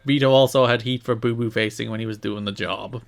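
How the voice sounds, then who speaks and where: A man co-hosting a podcast in casual chat, animated and quick to laugh, his pitch jumping when he is exasperated. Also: vocal fry. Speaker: podcast co-host.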